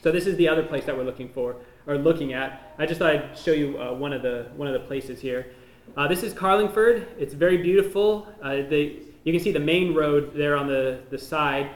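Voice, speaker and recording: A missionary man giving an informal slideshow talk, explaining each photo in a relaxed, conversational way. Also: on the high side. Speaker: missionary presenting to a church. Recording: echoey room.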